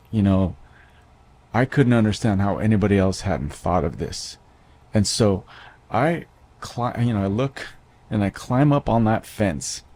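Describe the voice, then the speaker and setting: A man's voice: lowish voice, warm tone. A man in his thirties telling a personal story to an audience in a conversational way, with many fillers and restarts. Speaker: speaker.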